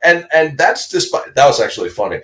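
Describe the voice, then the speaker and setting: A man's voice: fairly high pitch, sing-song, a little fast, a crowd in the background, poor audio. A middle-aged man from Denmark, co-hosting a casual live-stream chat, a chatty storyteller who laughs often and acts out the voices of other people.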